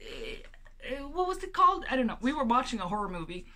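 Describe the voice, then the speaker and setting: A young woman vlogging from her apartment as she unboxes a package, chatty and excitable, gasping and exclaiming with lots of fillers. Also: a little high, fairly quick. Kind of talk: casual unboxing vlog.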